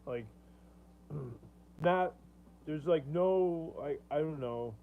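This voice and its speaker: Taking his time, a man with a slightly high voice hosts a relaxed livestream, meandering, laughing frequently and replying to comments from viewers. The audio has a tinny, phone-like quality and a faint hum underneath.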